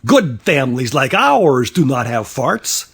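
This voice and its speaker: A man's voice: medium pitch, very animated, a little slow, creaky, a bit bright, breathy edge, exaggerated voice. A man voicing a stuffy father in a storybook, prim and scolding.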